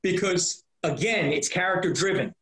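A man's voice: sits high, moderate pace, a bit bright, low-quality recording. A man, a comedian known for prank calls, talking as a guest in a casual interview, rambling with lots of restarts and repeated words.

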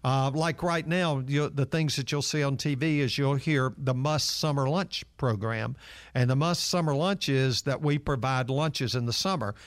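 A man's voice: medium pitch, normal speed, no room sound. Earnest man, dry close sound. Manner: earnest storytelling with many fillers. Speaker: nonprofit leader. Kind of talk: interview answer.

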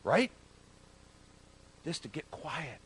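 A middle-aged male pastor giving a conversational sermon, joking in asides and swelling loud for emphasis. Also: on the high side, big pitch swings, very slow, slight background noise.

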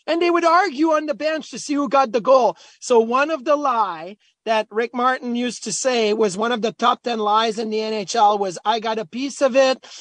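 A former hockey player talking as a guest at a golf charity event, telling stories in a chatty, animated way. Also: male voice, very high-pitched, normal speed, hardly any pauses, no room sound. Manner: animated, chatty, acts out quotes. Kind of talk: storytelling.

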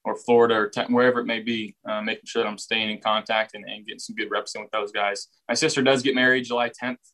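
A young man speaks in an even, flat tone with little rise or fall. He answers reporters' questions casually and often restarts a phrase before finishing it. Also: on the low side, fast, rough recording. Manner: relaxed, repeats words while finding phrasing. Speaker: football quarterback at a press session. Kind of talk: casual press interview answers.

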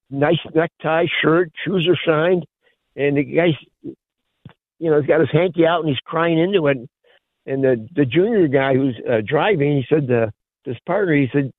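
Older man, phone caller, chuckling joke-teller, high voice, dry tinny line. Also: dry recording. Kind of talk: casual call-in chat.

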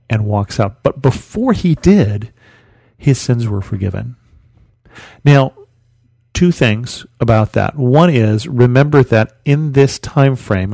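Mellow-voiced man teaching a Bible story. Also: on the low side, no echo. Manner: conversational storyteller, asks rhetorical questions. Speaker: podcast host teaching the Bible.

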